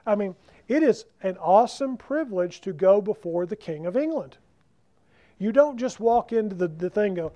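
A man preaching a sermon, emphatic and slowing down to stress key words. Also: high voice, expressive, mellow. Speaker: pastor. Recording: dull lo-fi recording.

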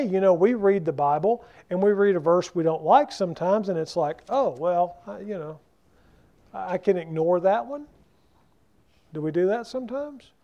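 A man's voice: high-pitched, dark tone. A male pastor preaching a sermon, talking conversationally and asking the congregation questions. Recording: dull lo-fi sound.

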